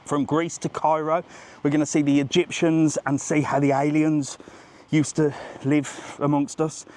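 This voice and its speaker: This man in his forties speaks at a measured pace with a level, somewhat high and slightly mellow voice. Hosting a casual live travel vlog along an outdoor seaside promenade, he chats in a rambling, jokey way.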